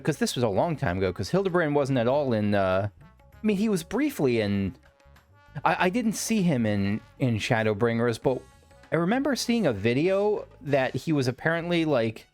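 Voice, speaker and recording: A man giving casual let's play commentary, rambling and correcting himself with wry asides. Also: on the high side.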